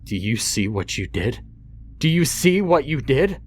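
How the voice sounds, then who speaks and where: A man's voice: on the low side, measured pace, slightly rough. A man voicing a violent, abusive father who roars and curses menacingly. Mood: furious. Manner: roaring, cursing, menacing.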